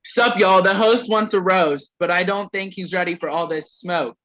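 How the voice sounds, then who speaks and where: Young man, bright voice, slightly high, reading roasts aloud, stumbling, muffled call audio. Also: normal speed. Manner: reads others' roasts aloud, stumbling and laughing at lines.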